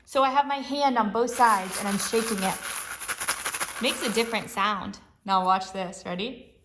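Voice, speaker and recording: A young woman hosting an early-learning lesson for toddlers, talking gently in a sing-song teacher voice. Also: medium pitch, moderate pace. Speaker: children's show host. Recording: echoey room with background noise.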